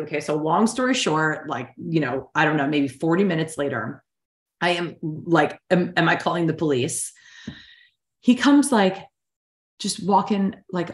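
A woman's voice: lowish voice, reverberant. A woman coach in her thirties telling a personal story in a casual, emotionally open way with lots of fillers. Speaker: hypnotherapy coach.

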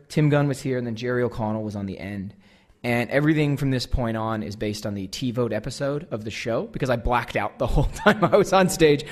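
An American man in his thirties tells a funny story about himself at a mid-range pitch. He is lively and pokes fun at himself, and he slips into the voices of the people in the story as he goes. It is relaxed stage storytelling for a live crowd. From United States. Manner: animated, self-deprecating, acts out the dialogue. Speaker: guest speaker. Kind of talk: comic storytelling to a live audience.

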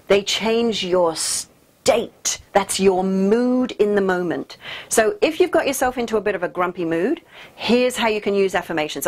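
A woman speaks straight to camera as the host of a teaching video. She explains in a lively, playful way and keeps asking emphatic rhetorical questions. Her voice sits in an ordinary middle range for a woman. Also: medium pitch. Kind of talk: direct-to-camera teaching talk.

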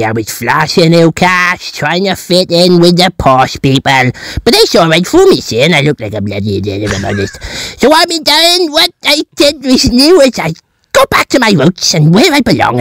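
A man's voice: a little high, fairly bright tone, dry recording. A man voicing a cheerful, boastful working-class Welsh man in a comic voice note, with a chirpy, sing-song delivery.

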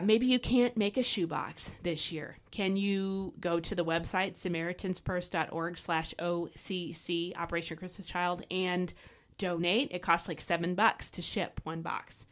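A woman hosting a devotional podcast, preaching fervently and urging listeners to act, with folksy asides and repeated emphasis. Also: lowish voice. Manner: fervent, exhorting, direct address to listeners. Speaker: podcast host and Bible teacher.

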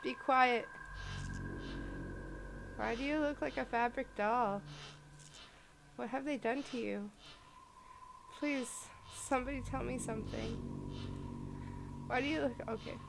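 A woman narrating a let's-play in an unhurried, fairly high voice. She reads game dialogue aloud with gentle reactions, over a noticeable background hiss. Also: gravelly. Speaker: gaming video host.

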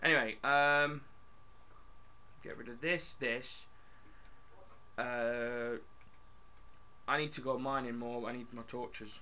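A young man chatting casually as he plays a building game, excitable and talking to his viewers and his in-game dog. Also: mid-range voice, takes it slowly, pauses often, lo-fi sound. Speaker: gaming YouTuber.

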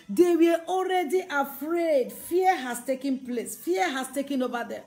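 A woman's voice: sits high, lively intonation, moderate pace, few pauses. A woman evangelist, preaching a sermon full of emphatic, repeated rhetorical questions.

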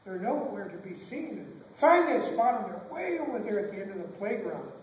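A man's voice: high-pitched, a little fast. A man from California, a guest speaker telling stories to a class, acting out voices and mixing in Spanish phrases. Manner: animated, acts out voices, mixes in Spanish phrases. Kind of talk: storytelling to a class. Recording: echoey classroom from far off, noisy.

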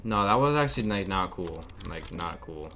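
A man's voice: deep voice, lively intonation, moderate pace, noisy background. A young man nervously commenting to viewers while playing a horror game. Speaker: gaming streamer. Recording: keyboard and mouse clicks behind the voice.

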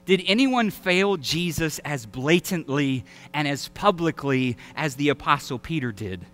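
A male pastor with a Southern American accent, preaching an animated sermon that acts out voices and quotes. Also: on the high side, a little slow. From Alabama. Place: church sanctuary.

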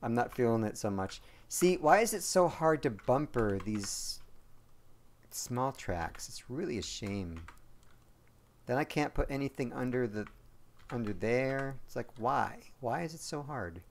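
Slow-talking male game streamer. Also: mid-range voice, animated, slight background noise. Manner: chatty, rambling, talks to viewers; jokey, quick to apologize. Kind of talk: live gameplay commentary to chat.

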